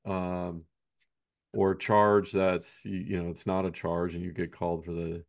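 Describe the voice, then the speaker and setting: A man's voice: low-pitched, little pitch movement, a little slow, gravelly. A man, a basketball coach, chatting casually on a podcast, rambling and often ending points with "right?".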